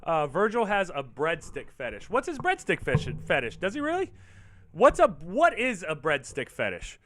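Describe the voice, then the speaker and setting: Lively bright-voiced rambling male host. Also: fairly high pitch, normal speed, slight background noise. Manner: rambling, animated, profane, reacting to chat. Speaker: show host. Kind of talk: casual livestream chat with viewers.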